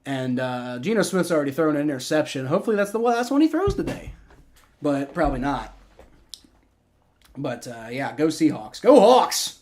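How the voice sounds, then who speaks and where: A young man hosting a live stream, giving rambling, excitable reactions and play-by-play while he watches a football game and swears freely. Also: fairly high pitch, normal speed, pauses often. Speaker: livestream host.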